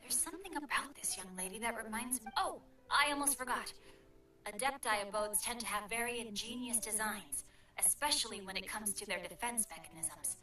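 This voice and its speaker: A woman's voice: on the high side, a little fast, pushed and bright, distant mic, soft background music. A polite, refined young nobleman. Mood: courteous. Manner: polite, formal and courteous. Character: refined young male merchant heir. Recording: echoey game audio under streamer mic.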